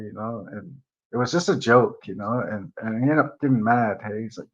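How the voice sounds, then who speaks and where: A man's voice: fairly low pitch, fairly quick. Guy rambling thru a story, swears a lot, lotta ums, kinda muffled audio. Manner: rambling, profane, lots of fillers. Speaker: vlogger. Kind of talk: casual storytelling.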